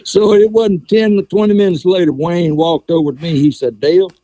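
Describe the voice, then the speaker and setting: Older guy rambling thru stories, restarts a lot, dark mellow voice. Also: high-pitched, a little fast, no echo. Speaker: guitar session player, guest. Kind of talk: casual conversation, storytelling.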